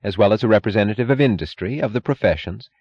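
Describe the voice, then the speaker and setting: A man's voice: fairly low pitch, quick pace, a little mellow, dry recording, dull audio, pitched above the performer's own voice, natural voice. A man reading an audiobook, voicing an evasive government official who speaks dryly and uncomfortably. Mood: uneasy. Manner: dry, uncomfortable.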